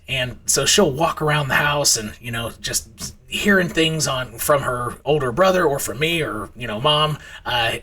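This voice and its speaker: A crypto trading channel host with a bright, husky voice rambles casually through stories and chart commentary. He uses many fillers and restarts and imitates his kids with high squeals.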